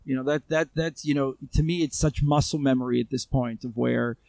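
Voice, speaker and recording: Gravelly man telling a story casually. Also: medium pitch, steady tone, a little fast, darkish tone, no echo. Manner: conversational, many fillers and restarts. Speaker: guest, armed civilian responder. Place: Israel.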